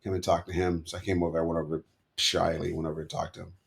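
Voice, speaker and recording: A man's voice: low-pitched, level tone, very fast, gravelly. A middle-aged man telling rambling, self-correcting stories as a podcast guest. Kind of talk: storytelling in an interview.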